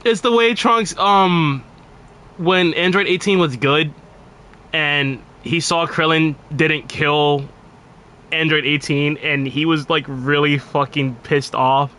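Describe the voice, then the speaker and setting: A man's voice: on the high side, steady tone, slow pace, bright, forceful tone. A man streaming a video game live, chatting casually with viewers, laughing often and swearing freely.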